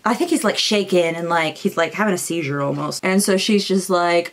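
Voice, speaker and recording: A young woman casually summarizing a novel's plot, chatty and acting out characters in quick asides. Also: fairly low pitch. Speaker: booktuber.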